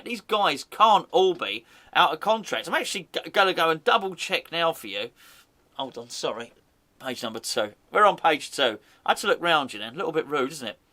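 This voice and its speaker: A man's voice: high voice, sharp tone. A man hosting a fan channel, rambling and joking in casual football chat, often correcting himself mid-sentence. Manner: rambling, jokey, self-correcting.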